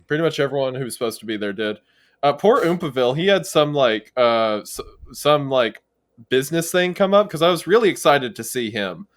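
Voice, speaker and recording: A man on a podcast as a guest, telling an anecdote in casual chat with animated delivery and frequent laughter. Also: medium pitch, fairly quick.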